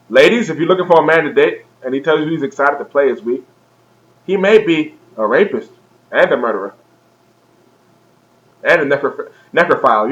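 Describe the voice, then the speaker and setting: A man's voice: medium pitch, sharp tone, low-quality recording. A young man vlogging a comedic rant, profane and exaggerated, laughing at his own jokes.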